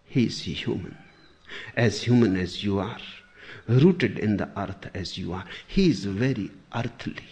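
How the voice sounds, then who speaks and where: Slow, deliberate spiritual teacher, a man. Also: on the low side, a little mellow, a little hiss or hum. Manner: slow, deliberate, with long pauses and sudden emphasis. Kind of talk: spiritual discourse.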